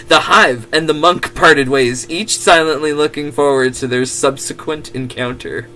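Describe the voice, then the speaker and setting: A man's voice: on the high side, normal speed, hardly any pauses, sharp tone, a little hiss or hum. A giggly man who laughs often, reading fan fiction aloud with casual comedic comments.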